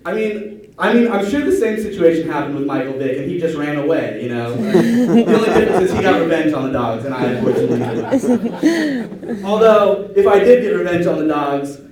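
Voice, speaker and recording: A man's voice: fairly high pitch, big pitch swings, moderate pace, heavy reverb, a crowd in the background. A young man doing a hesitant, rambling stand-up routine in a small room with an audience, full of fillers and restarts, recorded by a far camera. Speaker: stand-up comedian.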